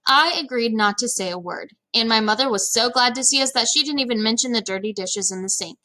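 A woman reading a children's chapter book aloud in a lively, expressive storytelling manner. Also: a little high, brisk. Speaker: read-aloud narrator.

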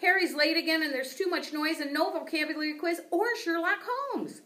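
A woman voicing an excitable little male classroom hamster who squeaks and frets. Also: brisk. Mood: upset.

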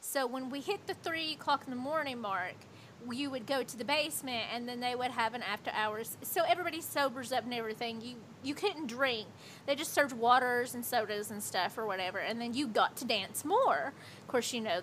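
A woman's voice: on the high side, sharp tone, a little hiss or hum. A woman in her thirties livestreaming, telling a rambling, profane story with lots of "like" in casual chat.

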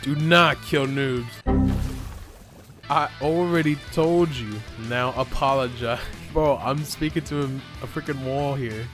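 A young man giving excitable commentary over his gameplay, laughing and yelping often. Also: mid-range voice, slow, music in the background. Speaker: gaming YouTuber.

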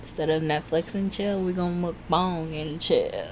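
Woman mukbang host, low voice, unhurried chat, faint hiss. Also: fairly even intonation. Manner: chatty, laughs often, self-conscious about talking fast. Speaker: food vlogger host.

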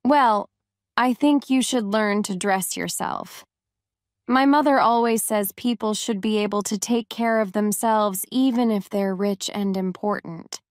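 A woman reading a storybook voices a kind, talkative young servant girl who speaks warmly and sometimes scolds gently. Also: mid-range voice, a little slow, clear, resonant tone, no room sound, clean studio sound, lightly acted. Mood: chatty.

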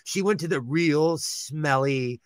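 An animated man from California, telling gossipy stories with plenty of laughs. His voice sits on the higher side for a man. The sound is close and dry, with no room echo. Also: takes it slowly. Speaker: host. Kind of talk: casual chat.

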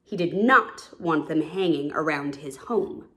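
A woman reading a children's picture story aloud in a warm, lively storytelling manner. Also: deep voice, unhurried.

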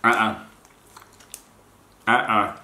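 Blunt bright-voiced man reviewing snacks. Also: lowish voice, level tone, very slow, slight background noise. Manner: blunt, unimpressed taste-tester. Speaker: fitness vlogger. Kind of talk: casual product review. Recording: roomy echoey room.

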